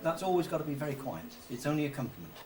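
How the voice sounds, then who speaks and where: This music lesson is led from the piano by a man whose slightly high voice is very animated and very fast. Patient with his violin student, he sings rhythms to show phrasing and checks that he's been understood; the rehearsal room is recorded on a distant mic, the piano nearby.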